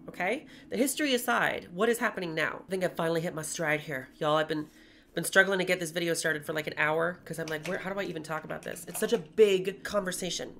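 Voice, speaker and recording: A woman's voice: on the low side, vocal fry, fairly bright tone, slight background noise. A woman in her twenties chatting candidly to camera while doing her makeup, with playful asides. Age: 20s. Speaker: YouTuber and streamer. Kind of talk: casual vlog chat while doing makeup.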